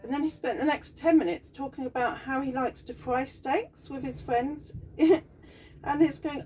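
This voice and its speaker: Southern english woman rambling thru a cooking vlog, kinda high voice, a bit far from the mic w faint noise. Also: normal speed, mellow. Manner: chatty, rambling, easygoing asides. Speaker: piano teacher and home cook.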